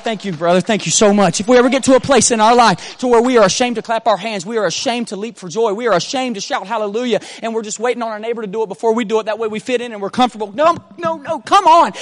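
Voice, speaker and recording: A man with a very high voice delivers an impassioned church sermon. He swings from quiet, low-key storytelling up to full shouts. He drives his points home with rapid-fire rhetorical questions. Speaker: preacher.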